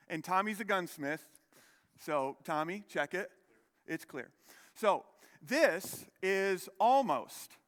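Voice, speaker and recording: High-voiced man preaching in a reverberant hall. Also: fairly bright tone. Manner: conversational, self-deprecating storytelling with many restarts. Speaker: pastor. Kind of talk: sermon. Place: church sanctuary.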